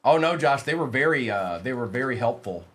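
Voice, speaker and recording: A man's voice: mid-range voice, animated, fairly quick, a bit bright, slight background noise. A man hosting a live card-break stream, reading out player names as he opens packs and teasing his chat in a playful way. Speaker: livestream card break host.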